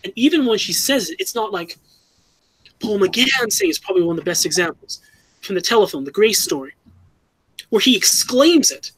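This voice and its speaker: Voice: medium pitch, expressive, moderate pace, pauses often, a bit bright, slightly rough, no echo, low-quality recording. A fan commentator giving an earnest, critical opinion, often restarting and correcting themselves mid-sentence.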